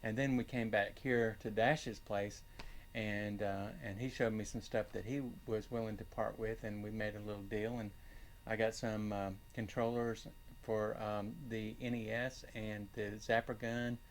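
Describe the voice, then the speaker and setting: An older man hosting his own channel, chatting casually about his finds and rambling with many pauses and fillers. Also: fairly low pitch, level tone, slight background noise. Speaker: channel host and reseller. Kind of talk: casual chat.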